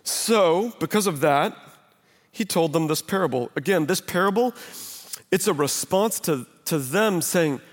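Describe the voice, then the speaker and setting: A man's voice: fairly high pitch, lively intonation, measured pace. A man preaching a sermon as pastor, conversational and emphatic, full of rhetorical questions. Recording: long hall reverb.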